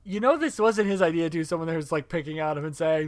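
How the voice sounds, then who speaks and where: A man's voice: fairly high pitch, fast talker, a little hiss or hum. A man co-hosting a podcast, telling rambling, crude anecdotes with swearing. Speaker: podcast co-host. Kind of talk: casual crude storytelling chat.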